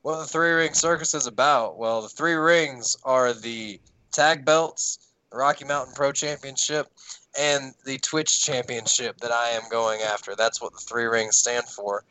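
A man's voice: mid-range voice, measured pace, sharp tone, rough recording. A man with a Southern American accent, a wrestling manager chatting easily as a podcast guest. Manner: easygoing, laughing, drawling asides. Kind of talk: casual podcast chat.

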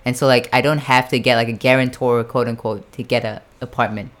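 Young man, from Japan, smooth clear voice, casual chat, rambling, lots of fillers, occasional swearing. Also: medium pitch, little pitch movement, fairly quick, fairly bright tone.

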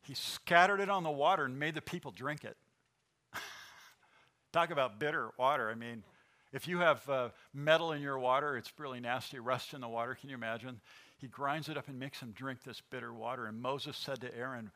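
Here a male pastor preaches with animation, asking his congregation questions as he goes. His voice sits in the mid range and moves at a moderate pace.

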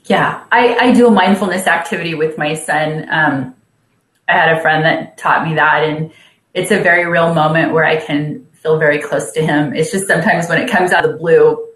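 Soft-spoken woman in an echoey office. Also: deep voice, steady tone, normal speed. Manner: soft, hesitant, many ums, laughs often. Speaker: caseworker and peer support trainer. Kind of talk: sharing in a group mindfulness session. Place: her office at work.

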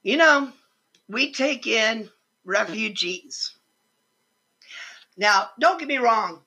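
Impassioned older woman, husky and high. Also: expressive, slow, bright, forceful tone. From United States. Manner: impassioned, indignant, emphatic, swears. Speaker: vlogger. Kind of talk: political rant.

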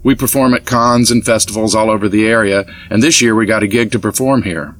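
A man's voice: lowish voice, fairly quick, fairly bright tone, a little hiss or hum, close to an everyday voice. A man reading a chatty young woman dancer in an audiobook, lifting his voice for her.

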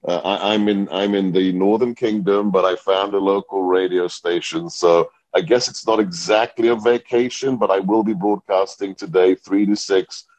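A very deep-voiced man with a British accent, recorded close and dry with no room sound. He talks confidently, with a wry edge, as a radio guest. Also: darkish tone, no room sound, low-quality recording. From Britain. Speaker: radio host and analyst guest. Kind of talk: talk radio interview.

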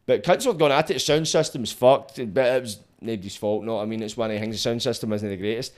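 Laid-back sweary Scottish podcast host. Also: male voice, mid-range voice, fast talker. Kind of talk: casual podcast chat.

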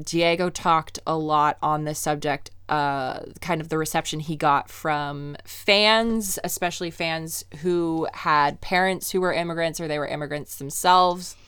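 A young woman co-hosting a podcast with an eager, chatty manner and quick giggly asides. Her voice sits a little low and sounds smooth and clean, recorded dry and close with no room sound. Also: a bit bright, no echo. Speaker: podcast co-host. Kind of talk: casual chat.

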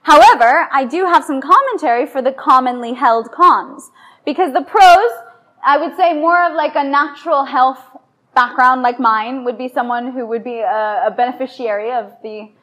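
A raw food and yoga lecturer addresses a live evening audience at a moderate pace, her high-pitched voice fairly bright. Playful and chatty, she regularly turns questions to the listeners.

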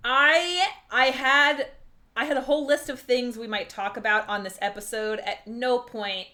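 A woman with a fairly high, very bright voice chats animatedly on a podcast over a video call. She reacts quickly and talks in loose, casual runs. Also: fairly even intonation. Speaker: podcast co-host. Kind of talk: casual chat.

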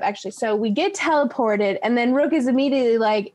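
A young woman casually recapping a tabletop game session, rambling, laughing and slipping into quick character voices. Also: a little high, a little mellow.

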